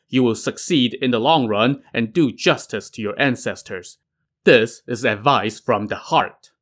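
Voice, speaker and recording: A man's voice: mid-range voice, fairly bright tone. A man voicing a proud, stern Taoist sorcerer who lectures and scolds.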